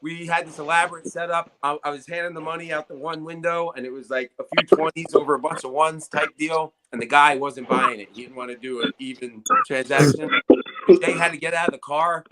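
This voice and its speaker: A man's voice: a little high, fairly even intonation, a little fast, a loud crowd, poor audio. A man hosting an armwrestling talk show, telling stories in a loose, profane, filler-heavy way. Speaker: armwrestling show host and competitor. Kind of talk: casual chat.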